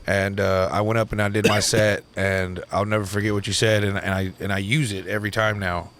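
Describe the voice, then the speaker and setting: A man's voice: lowish voice, flat delivery, fairly quick, fairly bright tone. Laughing, profane young man hosting. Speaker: podcast host. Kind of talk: casual chat.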